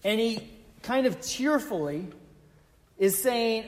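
A man with a notably high voice delivers a sermon as pastor. He speaks earnestly and emphatically, circling back to exclamations as he presses his point. His words ring out with a long reverb, as if in a large church hall. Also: unhurried.

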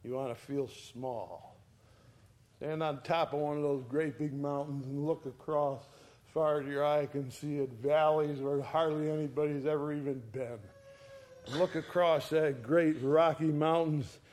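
A man's voice: fairly high pitch, steady tone, darkish tone. A man preaching a sermon, reading scripture verses aloud and explaining them, with swelling emphasis on key words. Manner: slow, emphatic, rising and falling in volume for emphasis.

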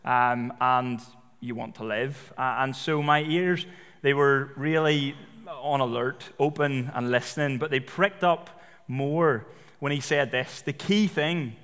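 A man preaching a sermon in a relaxed, conversational storytelling way, with frequent fillers. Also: mid-range voice, slow, clean tone. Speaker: pastor. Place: church. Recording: long reverb of a church hall.

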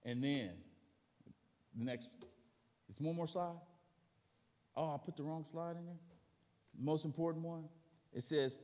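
A man's voice: fairly high pitch, a little slow, pauses often, warm tone, in a large hall. A man preaching a sermon in a casual, conversational way with slangy asides.

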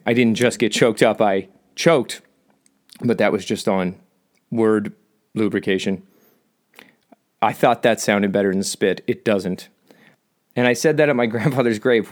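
A man's voice: mid-range voice, normal speed. A middle-aged man talking in a casual personal monologue, rambling with self-deprecating jokes and asides. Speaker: vlogger.

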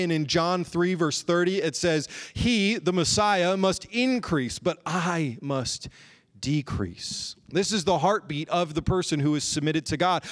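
A man preaching a sermon in an earnest way, slowing down and drawing out key phrases for emphasis. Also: fairly high pitch. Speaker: pastor.

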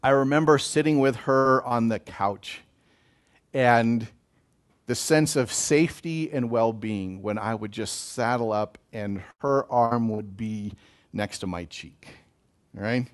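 A man giving a gentle, emotional pastoral talk on blessing, speaking to listeners as a chaplain. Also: mid-range voice, slow pace. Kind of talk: reflective spiritual talk.

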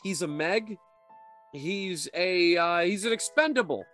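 A man's voice: sits high, animated, a little slow, fairly bright tone, faint music behind. A man co-hosting a comedy podcast, talking in a playful, jokey, casual way. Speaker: podcast co-host.

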